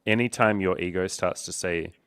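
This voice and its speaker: Low, bright-voiced casual male host. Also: moderate pace, clean tone. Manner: casual, profane, candid. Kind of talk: casual coaching Q&A chat.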